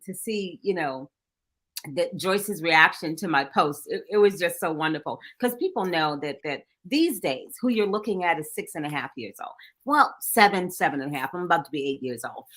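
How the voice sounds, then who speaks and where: Bright-voiced animated woman author. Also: medium pitch. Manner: animated, laughs often, shouts out friends. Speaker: author, guest. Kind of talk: casual interview chat.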